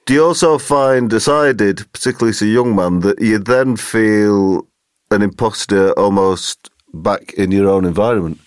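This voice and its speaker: A man with a low voice speaks thoughtfully and articulately, laying out his ideas at a measured pace. He is recorded dry and close to the mic. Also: smooth, dry recording. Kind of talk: casual conversation.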